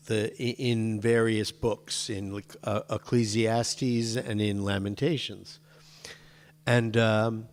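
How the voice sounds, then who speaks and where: A man speaking at a middle pitch tells a casual, anecdotal story to a congregation. He talks in a digressive way, breaking off and restarting his sentences. His voice rings with the long reverb of a large hall.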